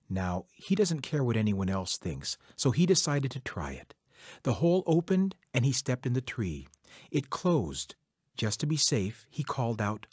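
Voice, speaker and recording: Husky-voiced male storyteller, lively pitch. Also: no echo, studio quality. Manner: rhythmic, repetitive, measured telling. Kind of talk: oral folk-tale storytelling.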